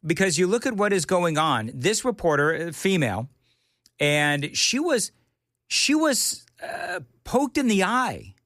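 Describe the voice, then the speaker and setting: A man's voice: high voice, big pitch swings, a little slow, fairly bright tone, no room sound, clean studio sound. A male talk radio host delivering an indignant, opinionated monologue with mocking asides. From United States. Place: radio studio.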